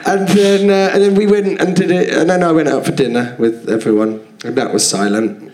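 A man's voice: fairly high pitch, fairly quick, a crowd in the background. A male comedian telling a self-mocking story, rambling and laughing through it, as a guest on a live podcast. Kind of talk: comic anecdote on a live podcast. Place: theatre stage. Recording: echoey theatre stage.

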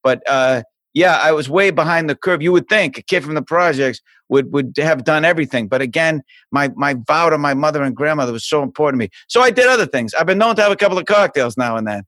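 A man's voice: fast, no echo. A man in his fifties with a Boston accent, a guest telling stories in a casual remote interview. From South Boston, USA. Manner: animated storyteller, jumps into higher pitch. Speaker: podcast guest, TV host. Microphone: remote call mic.

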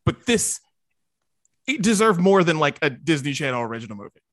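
A man co-hosting a casual podcast chat, talking in an excitable, emphatic way. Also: on the high side, a little fast, no echo, studio quality. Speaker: podcast co-host.

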